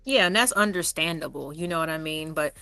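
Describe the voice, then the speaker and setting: A woman's voice: low voice, brisk, sharp tone, dry recording. A woman with a Southern American accent hosting a stream, teasing her guest and laughing often. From Southern United States. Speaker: stream host. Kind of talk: casual banter.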